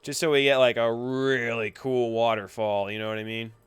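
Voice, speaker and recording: A man's voice: medium pitch, level tone, normal speed, clean tone, dry recording, soft background music. A young man giving a screen-recorded tutorial, narrating each click with chatty, playful asides. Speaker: coding instructor.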